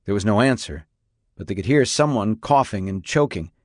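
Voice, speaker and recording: Steady male audiobook narrator, dry sound. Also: fairly low pitch, normal speed, no room sound.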